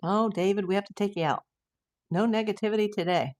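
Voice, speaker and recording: An older American woman hosts a casual livestream, chatting and reading viewer messages aloud with frequent exclamations. Her mid-range voice has a darkish tone, and she's chatty and quick to say "wow."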